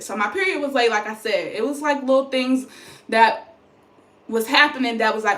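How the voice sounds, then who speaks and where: A woman's voice: mid-range voice, moderate pace, pushed and bright. A young woman vlogging casually to her phone about her pregnancy, chatty and rambling, tired. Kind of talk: casual chat to camera. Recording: roomy echo.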